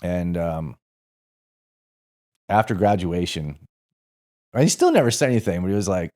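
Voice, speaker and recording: Man, 40s, from St. Louis, podcast guest, very low voice, warm tone, rambling casual storytelling. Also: lively intonation, moderate pace, pauses often. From St. Louis, USA. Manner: rambling, self-correcting, profane and laughing. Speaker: podcast guest, former Marine.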